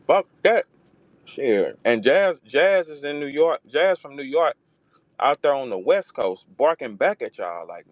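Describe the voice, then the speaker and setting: Animated profane man hosting a chat. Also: a little slow, no room sound. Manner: animated, profane, acts out quotes in a higher voice. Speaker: host. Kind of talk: casual live audio chat.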